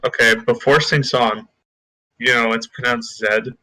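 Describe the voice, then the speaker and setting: A man's voice: mid-range voice, fairly even intonation, a little slow, bright, forceful tone, low-quality recording. A man co-hosting a casual podcast over voice chat, joking and bantering goofily. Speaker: podcast co-host.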